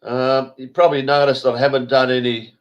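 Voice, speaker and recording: An Australian man hosts an online show, sounding congested and stuffy, speaking briskly in a mid-range voice with little pitch movement. He rambles bluntly and casually, swearing freely, over dull lo-fi stream audio.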